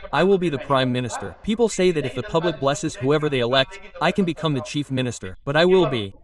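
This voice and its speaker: A man being interviewed about politics in a heated exchange. He argues back hard and challenges the questions. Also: a little high. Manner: combative, argumentative. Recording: distant mic with crowd noise. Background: crowd.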